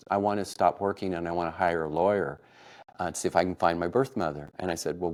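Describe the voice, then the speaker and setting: A middle-aged man from Kansas telling a personal family story, emotional and laughing softly now and then. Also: deep voice. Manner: warm, emotional retelling with soft laughs. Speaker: podcast storyteller.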